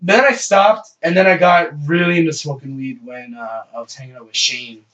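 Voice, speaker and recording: A young man from Canada telling a story in casual chat, animated and full of swearing. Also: fairly high pitch, moderate pace, crowd noise. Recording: distant muffled mic.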